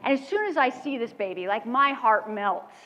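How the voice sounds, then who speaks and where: A woman giving a motivational keynote speech, telling animated stories with quick laughs, on a stage microphone in a large lecture hall. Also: fairly high pitch, background noise. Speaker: keynote speaker. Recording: dull recording with long hall reverb.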